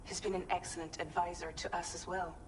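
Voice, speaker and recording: A woman's voice: lowish voice, a little fast, noisy background, natural voice. A woman voicing a composed game leader. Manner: steady, authoritative. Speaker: game character, leader giving orders.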